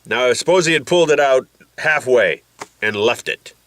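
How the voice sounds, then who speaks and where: A man's voice: mid-range voice, expressive, moderate pace, fairly bright tone, no echo. A man telling a rambling, jokey vlog story with his nose packed by a balloon, putting on voices as he goes. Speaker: vlogger.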